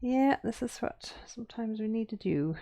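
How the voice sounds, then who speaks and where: A woman's voice: fairly high pitch, animated, normal speed, mellow. Chatty Midwestern woman teaching carving. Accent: Upper Midwest American. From Minnesota and Wisconsin. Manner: chatty and rambling, with many fillers and restarts. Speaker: woodcarving teacher. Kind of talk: casual live-stream chat while demonstrating carving.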